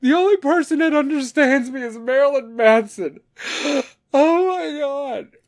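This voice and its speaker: A man's voice: very high-pitched, animated, moderate pace, voice pushed up. A man voicing a melodramatic, self-pitying emo teenager in a wailing, overdone tone.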